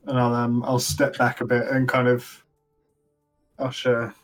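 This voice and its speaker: A man's voice: medium pitch, monotone, a little slow, soft background music. Guy at a tabletop game, casual and hesitant, lots of ums, mid voice. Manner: casual, hesitant, filler-heavy. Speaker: player.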